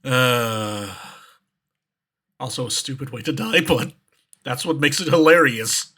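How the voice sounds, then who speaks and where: A man's voice: medium pitch, animated, slow, bright, forceful tone, husky. A man streamer giving casual reaction commentary who rambles, swears, and fills his talk with fillers and restarts.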